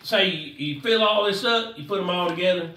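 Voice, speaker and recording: A man's voice: high voice, fairly quick, bright, forceful tone, reverberant, distant mic. A man giving a casual, rambling fishing how-to, repeating himself in a folksy way. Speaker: fishing vlogger.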